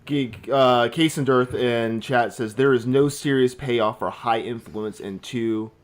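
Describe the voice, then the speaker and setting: A man's voice: mid-range voice, unhurried. A man who streams games, chatting as a podcast guest, hesitant and trailing off mid-thought. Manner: hesitant, trails off, many fillers and restarts. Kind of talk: casual gaming podcast chat.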